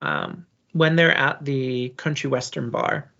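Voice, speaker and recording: A co-host chatting casually on a movie podcast, relaxed and quick to laugh. The voice sits mid-pitch with noticeable gravel and fry. The recording is dull and lo-fi. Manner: relaxed, laughs easily, asks questions. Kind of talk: casual chat.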